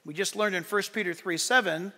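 A male pastor preaching a sermon in a church, swinging between loud emphatic lines and hushed asides. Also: high-pitched, brisk. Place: church sanctuary. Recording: long church hall reverb.

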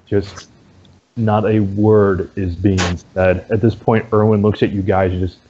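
A man narrating as dungeon master in a relaxed, halting way with many fillers. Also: on the low side, slight background noise. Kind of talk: narrating a tabletop game. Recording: dull lo-fi audio.

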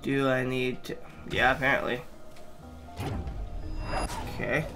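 A gamer giving let's play commentary, exasperated and swearing often, with sudden yelling outbursts at the game. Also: medium pitch, little pitch movement, takes it slowly, soft background music. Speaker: gamer playing through a platform game.

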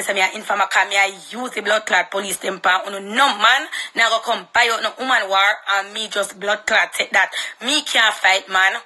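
Woman, Jamaican accent, young adult, bright piercing tone, confrontational, profane social media rant. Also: medium pitch, poor audio.

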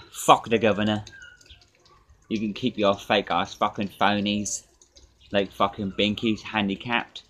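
A man with a fairly low voice rants and swears in a casual vlog. He taunts his critics between sips. He is recorded outdoors in a garden with a faint hiss of noise behind him. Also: fairly even intonation, a little slow, fairly bright tone. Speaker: drinking vlogger.

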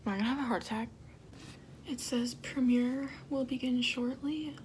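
A young woman talks to her camera in a reaction vlog, often dropping into a whisper as she gushes and swears. Her voice sits fairly high. A faint hiss runs underneath. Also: steady tone, normal speed, darkish tone. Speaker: vlogger reacting to a music video.

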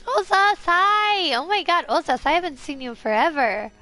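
A woman game streamer chatting casually with her viewers, her voice congested and hoarse from a sinus infection, bubbly and giggly as she greets everyone. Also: sits high, animated, fast talker, fairly bright tone. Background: faint game music.

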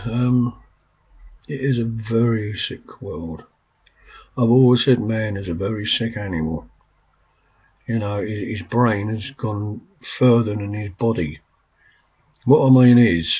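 An older man with a husky, mid-range voice rambles through casual conversation, meandering with lots of ums and restarts. The recording is lo-fi and slightly dull.

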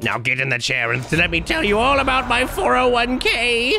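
A man voicing a spiteful, vengeful old grandmother in a video game with a creaky, cackling manner. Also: extremely high pitch, big pitch swings, over loud music, voice pushed up, heavily acted. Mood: taunting. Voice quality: creaky, crackly old-lady voice. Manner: drawn-out taunting, cackling.

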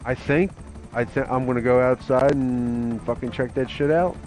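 A man's voice: mid-range voice, steady tone, moderate pace, darkish tone, a little hiss or hum, rough recording. A man chatting casually as a gaming partner, laid-back with casual swearing.

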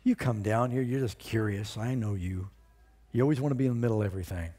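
A preacher acting out an angry older brother who scolds and accuses with open scorn. The voice is mellow and a little husky. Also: male voice, lowish voice, quick pace, pitched below the performer's own voice, lightly acted. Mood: scornful.

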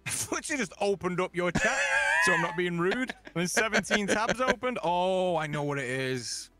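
A man chatting casually as a co-player, teasing and excitable with frequent laughs. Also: high-pitched, normal speed, faint music behind. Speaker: co-player friend. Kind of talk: casual gaming chat.

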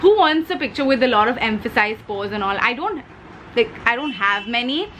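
A woman's voice: on the high side, lively intonation, normal speed, fairly bright tone, a little hiss or hum, poor audio. A young woman with an Indian English accent chatting casually as a beauty vlogger while she does her makeup, playful and talkative, dropping Hindi words.

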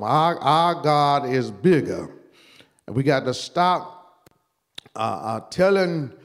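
A man who is a pastor, leading a Bible study in a halting way, repeating words and filling pauses, and growing louder and higher as he gets stirred up. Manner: rises in pitch and volume when stirred. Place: church.

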